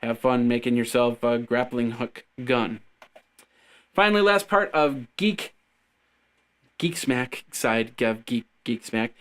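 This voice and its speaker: A man's voice: mid-range voice, takes it slowly, a bit bright. A man hosting a casual tech news show, rambling and joking as he stumbles over his words. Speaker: podcast host.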